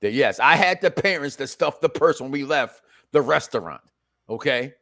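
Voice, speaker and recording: A man's voice: medium pitch, lively intonation, normal speed, pushed and bright. A man hosting a casual reality-show review chat, joking and rambling, often restarting his sentences. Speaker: podcast host.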